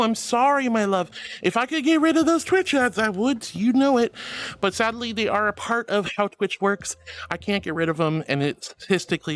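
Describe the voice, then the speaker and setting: A woman live-streaming, gushing affectionately and giggling as she thanks her viewers in a soft, sweet way. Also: medium pitch. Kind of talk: casual live-stream chat.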